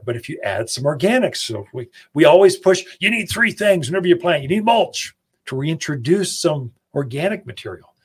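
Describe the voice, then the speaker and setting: A husky, slightly higher-pitched man hosts a gardening radio show. He talks in a folksy, chatty way, speaking straight to listeners. His voice is close on a studio microphone. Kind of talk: casual radio advice talk.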